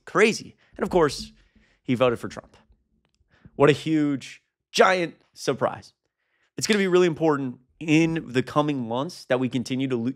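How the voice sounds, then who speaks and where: A young man reacting to a protest video as a political commentator, indignant and exasperated. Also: fairly high pitch. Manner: indignant, exasperated, quick asides.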